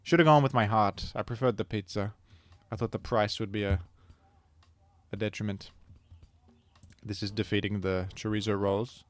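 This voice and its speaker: A man's voice: fairly low pitch, steady tone, moderate pace. A man giving casual, rambling gameplay commentary as a video creator, chatting to viewers and often correcting himself mid-sentence.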